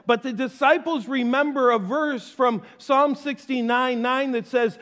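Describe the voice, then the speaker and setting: A man preaching a sermon as pastor, conversational and playful, with quick asides and acted-out quotes. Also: very high voice, steady tone, fairly bright tone, in a large hall.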